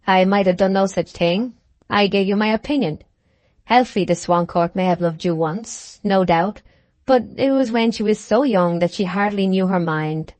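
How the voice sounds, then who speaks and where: Read by a woman, a composed older gentleman who talks slowly and with firm decision, sounding faintly superior. His lines land with calm authority in a dry, close audiobook recording. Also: sits high, no room sound, natural voice. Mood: stern. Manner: slow, resolute, supercilious.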